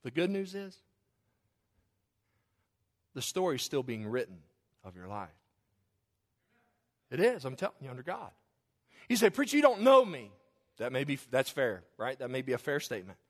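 A man preaching a sermon in a lively, conversational way, with humorous asides and acting out the figures in the story. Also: mid-range voice, moderate pace, pauses often.

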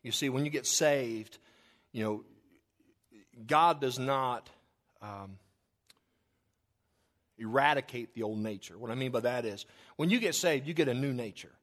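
A man pastor preaching a sermon in a church, shifting between loud exclamations and soft asides as he tells stories. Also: medium pitch, unhurried, pauses often. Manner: storytelling, swings from loud to soft.

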